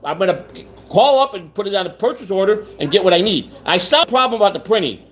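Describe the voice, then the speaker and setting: A man's voice: sits high, lively intonation, fast, a little hiss or hum. A man hosting a rambling livestream chat, repeating himself, restarting sentences and reading viewer comments aloud. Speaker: livestream host.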